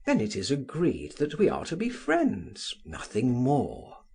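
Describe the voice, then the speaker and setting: Cool young social climber, read aloud by an audiobook narrator, unhurried and husky. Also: medium pitch, wildly swooping pitch, dark tone, full character voice. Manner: cool, measured, condescending. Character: calm, cynical young male social climber. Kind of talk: audiobook character voice.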